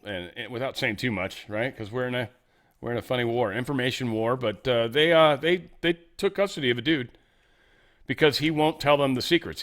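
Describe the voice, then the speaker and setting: A man's voice: mid-range voice, fairly bright tone. A man hosting a casual political commentary show, reading news items and breaking into rambling, sarcastic asides.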